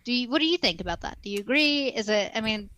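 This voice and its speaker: A woman's voice: on the high side, lively intonation, fast, pushed and bright, no echo. Woman asking the panel's opinion. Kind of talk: casual chat.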